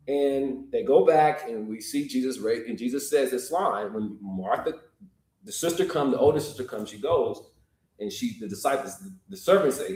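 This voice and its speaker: A man preaches in a loose, conversational way, acting out every quote with big leaps up and down in pitch. His voice sits in a middle register, and the sound carries a noticeable room echo. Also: brisk. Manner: animated, acts out quotes with jumps in pitch and chuckles; colloquial, uses "y'all". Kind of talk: informal sermon retelling scripture.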